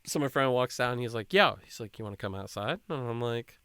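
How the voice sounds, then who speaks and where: Bright, crisp young man telling a rambling story. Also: medium pitch, brisk, no echo. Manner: rambling, animated, acts out quoted people. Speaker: podcast host. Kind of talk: casual storytelling chat.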